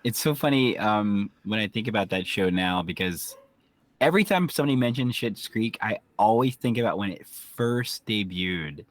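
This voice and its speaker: A man's voice: fairly low pitch, expressive, moderate pace, no room sound. A man co-hosting a podcast, chatting casually and reminiscing about old TV shows. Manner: conversational, nostalgic, reflective asides. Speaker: podcast co-host. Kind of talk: casual chat recapping a TV episode.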